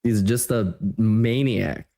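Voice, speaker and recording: A man co-hosting a stream, giving relaxed, rambling opinions in casual chat. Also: on the low side, slow, gravelly. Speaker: stream co-host.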